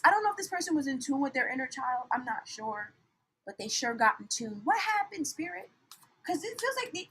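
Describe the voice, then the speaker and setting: A young woman giving a casual tarot reading, animated and blunt, swinging from soft muttering to loud outbursts. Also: sits high, poor audio. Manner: animated, swings from soft mutters to shouts, laughs often, swears. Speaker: tarot reader.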